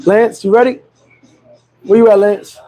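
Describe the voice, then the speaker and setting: A man's voice: high voice, fairly even intonation, unhurried, warm tone, poor audio. A man vlogging outdoors, chatting casually, joking and telling stories to his viewers. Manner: joking, storytelling, laughs often. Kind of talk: casual street vlog chat. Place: outdoors on a street.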